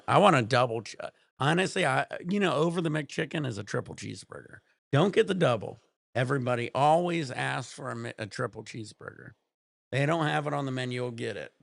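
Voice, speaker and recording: A man's voice: mid-range voice, gravelly, no echo. A man streaming from home, chatting casually in a rambling, laid-back way with plenty of swearing.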